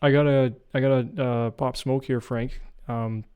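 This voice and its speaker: A man's voice: mid-range voice, steady tone, a little slow, clear, resonant tone, lo-fi sound. A man hosting a podcast, chatting casually and keeping his replies brief and easygoing. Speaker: podcast host. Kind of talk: casual conversation.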